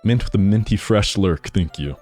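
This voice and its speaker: A man's voice: on the low side, moderate pace, faint music behind. A man streaming a game, chatting jokingly with swearing and reading the player's lines aloud. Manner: jokey, swearing, animated.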